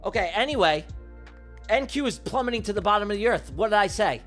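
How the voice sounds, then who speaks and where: A man hosting a live day-trading stream, talking in a brash, profane and excitable way. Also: high-pitched, fast talker, soft background music. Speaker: day trader hosting a livestream.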